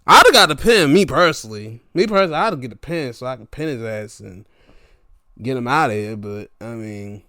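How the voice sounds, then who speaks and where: A man hosting a casual solo show, reviewing wrestling events in animated, profane, exasperated rants. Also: medium pitch, a little fast, no echo, clean studio sound.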